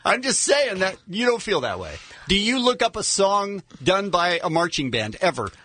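A man's voice: sits high, sing-song, normal speed, sharp tone. A man casually telling a funny story with comic exaggeration on a chat show.

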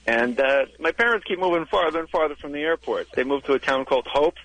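Rambling comedian on a phone line. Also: male voice, a little high, lively intonation, quick pace, fairly bright tone, no room sound. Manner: rambling storyteller, acts out voices. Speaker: comedian guest calling in. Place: car in the woods. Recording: radio call over phone line.

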